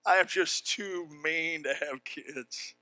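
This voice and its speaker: An older preacher delivers a sermon, spinning homespun stories before rising into shouted exhortation. His voice sits high and cuts with a sharp, bright edge. The sound is dry and close, with no room around it. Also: slow, dry recording. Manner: folksy storytelling that builds to shouted preaching.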